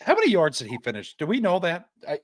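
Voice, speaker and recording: Young man, sports podcast co-host, heated profane rant, slightly high voice. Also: huge pitch swings, fast talker. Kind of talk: casual sports chat.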